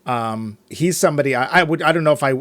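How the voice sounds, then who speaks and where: A man with a somewhat high voice weighs his words as a podcast co-host, hedging and thinking aloud. The sound is dry and close, with no room around it. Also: fast talker, fairly bright tone, no room sound. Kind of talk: casual film review chat.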